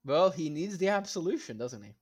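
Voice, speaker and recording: A man hosting a casual podcast chat, talking in a profane, animated way with mock-outraged rants. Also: a little high, brisk, breathy edge. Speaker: podcast host. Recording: poorly placed mic, variable level.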